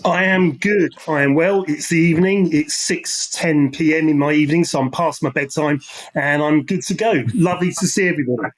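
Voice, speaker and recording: A man's voice: on the high side, fairly quick, poor audio. A man in his sixties with a London accent, a podcast guest telling his life story over a remote call in an earnest, reflective way, often restarting his sentences. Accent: London English. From London, England. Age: 60s. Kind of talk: interview storytelling.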